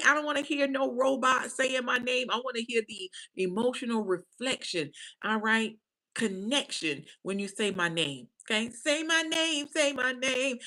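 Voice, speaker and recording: A woman's voice: on the low side, low-quality recording. A woman giving casual commentary to camera, emphatic and repetitive, punctuating her points with "right?" and "okay?". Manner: animated, preacher-like cadence. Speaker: commentary vlogger.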